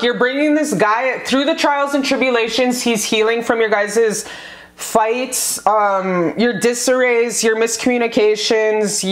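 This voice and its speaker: Bubbly, foul-mouthed woman tarot reader. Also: a little high. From North America. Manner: bubbly, profane, gushing. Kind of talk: casual tarot reading vlog. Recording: echoey room.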